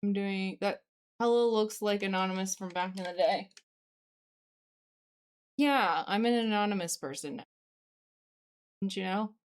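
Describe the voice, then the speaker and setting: A woman's voice: medium pitch, measured pace, pauses often. A woman streaming live, chatting casually and talking straight to her viewers at a home desk microphone. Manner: chatty, talks straight to viewers, reacts to chat.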